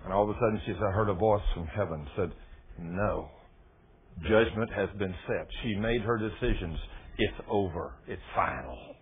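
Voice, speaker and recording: A man preaching a sermon, telling stories dramatically and swinging from loud exclamations to hushed, low lines. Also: fairly quick, husky. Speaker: pastor. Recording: tinny phone-like sound.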